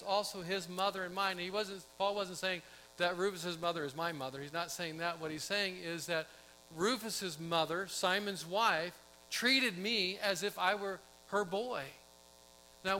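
High, bright-voiced male pastor preaching. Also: measured pace, a little hiss or hum, poor audio. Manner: conversational storytelling, asks the congregation questions. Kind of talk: sermon.

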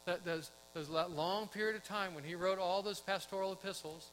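Middle-aged male pastor, high and bright, chatty sermon delivery with questions to the room; faint hum. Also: fairly even intonation, fairly quick, rough recording. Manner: conversational storytelling, asks the congregation questions.

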